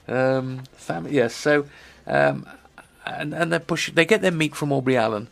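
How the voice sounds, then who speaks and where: Gravelly radio host, halting. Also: male voice, fairly high pitch, a bit bright. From England. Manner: halting, many ums and restarts. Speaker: radio food and travel show host. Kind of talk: rambling casual radio chat.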